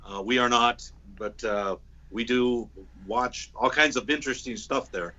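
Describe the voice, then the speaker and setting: A man with a bright, forward tone speaks haltingly on a casual podcast panel, often restarting his phrases. His voice comes through muffled, lo-fi call audio. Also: mid-range voice. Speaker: podcast guest.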